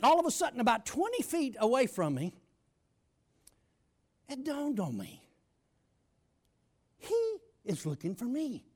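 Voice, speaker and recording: A man, a pastor giving a folksy testimony sermon that keeps breaking into shouted bursts. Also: very high voice, wildly swooping pitch, unhurried, long pauses.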